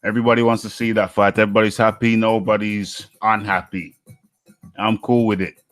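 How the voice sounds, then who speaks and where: A man's voice: lowish voice, level tone, brisk, fairly bright tone, no room sound, soft background music. A man hosting a live boxing talk stream, reading out viewer comments and chatting back to them, often saying things twice in an upbeat way. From United Kingdom. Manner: repeats his phrases, chatty and upbeat.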